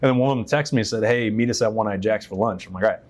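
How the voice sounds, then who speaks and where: Low-voiced man telling stories, swearing freely. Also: very fast. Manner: candid, swears freely, acts out quoted voices. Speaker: interview guest, veteran. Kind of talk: casual personal storytelling. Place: stage in his shop.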